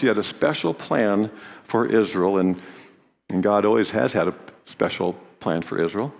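A man's voice: lowish voice, expressive, normal speed, creaky, big-room sound. A man preaching a sermon in an earnest teaching manner, his voice rising in volume on key phrases.

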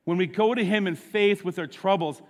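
A man preaching a sermon as pastor, impassioned, swinging from hushed to loud. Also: high-pitched, normal speed. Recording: long reverb of a large hall.

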